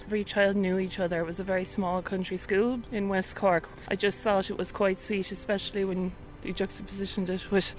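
A woman teacher recalling a memory in an even, matter-of-fact way. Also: mid-range voice, a little fast, few pauses, poor audio. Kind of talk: interview anecdote.

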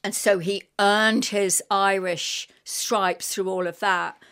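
A middle-aged woman with a London accent, a radio guest telling an animated, emotional story with many fillers. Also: mid-range voice, slow, clear, resonant tone. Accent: London English. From England. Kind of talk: casual radio interview chat.

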